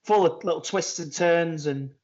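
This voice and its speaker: A man's voice: fairly high pitch, moderate pace, darkish tone. Chatty podcast co-host, man. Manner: chatty, retells stories, tags lines with "innit". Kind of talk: casual chat. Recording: muffled lo-fi remote audio.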